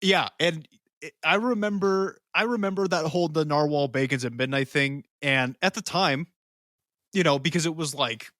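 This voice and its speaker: A man's voice: on the high side, moderate pace, a bit bright, no room sound, clean studio sound. A man co-hosting a podcast, reading segment introductions and dropping crude joking asides in casual chat. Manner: crude jokey asides between read segments. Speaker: podcast co-host.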